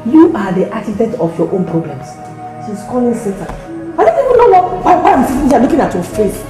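An actress playing a meddling, sharp-tongued woman who mocks scornfully. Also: mid-range voice, brisk, natural voice. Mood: mocking. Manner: mocking, sharp. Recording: echoey room with music.

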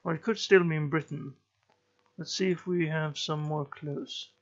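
A man giving slow let's play commentary, musing and thinking aloud as he plays. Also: fairly high pitch, fairly even intonation, dull audio. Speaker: gameplay commentator.

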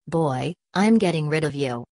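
A woman's voice: sits low, animated, normal speed, darkish tone, dry recording. A woman voicing an imperious older male college president who lectures with contempt and domineers. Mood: stern.

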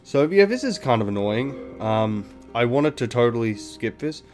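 Male gameplay host, mid-pitched, casual and profane commentary over faint game music. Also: sing-song, moderate pace, darkish tone. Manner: swears freely, thinks aloud, explains mechanics. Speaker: gaming video host.

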